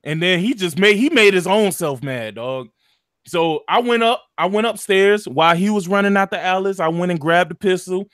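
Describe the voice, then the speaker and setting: A man's voice: sits high, animated, normal speed, a bit bright, no echo, clean studio sound. A man, animatedly retelling a video game story in casual chat, full of slang and profanity. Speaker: gaming podcast co-host.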